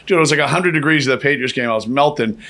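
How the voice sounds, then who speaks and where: A man tells a rambling story in casual chat. He swears freely and jumps up in pitch whenever he acts out what someone said. His voice sits at an ordinary middle pitch. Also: racing. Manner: animated, profane, acts out quotes with raised pitch.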